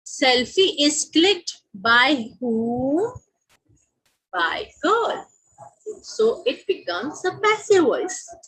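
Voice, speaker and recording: A woman's voice: high-pitched, very animated, very slow, fairly bright tone, low-quality recording. A woman with an Indian English accent teaching a grammar lesson, repeating each example sentence and asking questions that she answers herself.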